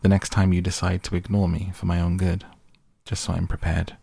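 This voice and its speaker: A man voicing a shy, curious teenage girl in a slow, hesitant, wondering way. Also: deep voice, level tone, vocal fry, warm tone, slightly rough, no echo, studio quality, exaggerated voice.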